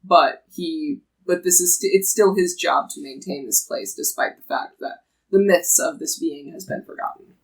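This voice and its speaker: A game master narrating a tabletop game, describing a character with many pauses and restarts. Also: mid-range voice, low-quality recording. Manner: hesitant, many ums and restarts while describing.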